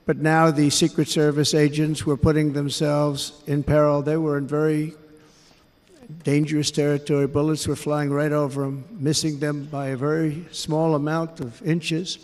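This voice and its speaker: An American man in his seventies giving a speech to a rally crowd in a large indoor arena, measured and emphatic, repeating his phrases. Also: fairly high pitch, little pitch movement, a little mellow. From United States. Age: 70s. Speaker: political candidate. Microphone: podium microphone. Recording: echoey arena with crowd noise.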